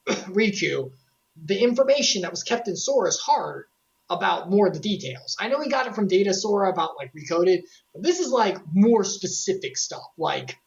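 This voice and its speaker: A woman streamer talks casually over a game recap, joking and excitable, and throws quick asides to her chat. Her pitch swings in a lively way. The audio is dull and lo-fi. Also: vocal fry.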